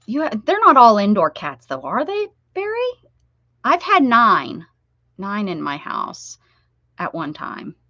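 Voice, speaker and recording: A woman's voice: mid-range voice, huge pitch swings, slow, pushed and bright, no room sound. Chatty middle-aged woman streaming crafts from home, dull lo-fi mic, dry room. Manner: chatty, rambling, talks to viewers by name. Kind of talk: casual live-stream chat while crafting.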